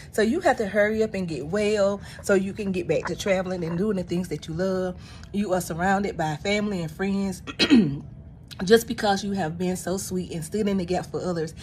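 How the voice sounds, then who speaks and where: A woman's voice: on the low side, a little hiss or hum. A woman from South Carolina, a nurse recording a rambling, church-flavored get-well video greeting. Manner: warm-hearted, churchy, rambling encouragement.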